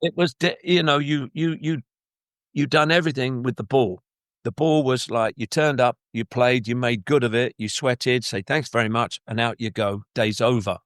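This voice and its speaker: A man's voice: mid-range voice, moderate pace, dry recording, clean studio sound. An older man, a former footballer, telling long rambling stories in an interview and acting out other people's lines. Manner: rambling, animated, acts out quoted voices. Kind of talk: anecdotal interview storytelling.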